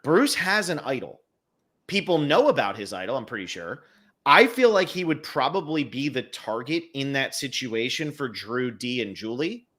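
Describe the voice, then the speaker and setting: Bright-voiced man breaking down scenarios. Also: medium pitch, sing-song, normal speed. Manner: analytical, talks through scenarios step by step. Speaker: podcast co-host. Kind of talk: casual podcast chat.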